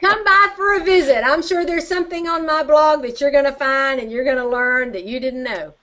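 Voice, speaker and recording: A woman's voice: high-pitched, brisk, bright, forceful tone. A woman speaking as a guest on a video-call interview, chatting in a friendly, conversational way with frequent fillers. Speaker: guest blogger.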